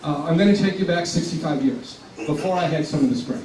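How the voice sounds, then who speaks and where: A man's voice: a little high, fast talker, darkish tone, a little hiss or hum. A man in his seventies from South Texas gives an earnest, passionate public speech as a community organization leader. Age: 70s. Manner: earnest and passionate, at times choked up with emotion. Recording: echoey hall, speaker far from the mic.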